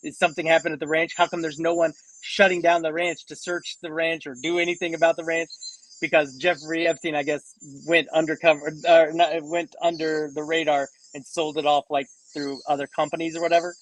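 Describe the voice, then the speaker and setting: A man's voice: a little high, flat delivery, fairly quick, a bit bright, low-quality recording. A man co-hosting a casual podcast, rambling with many restarts and fillers. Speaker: co-host.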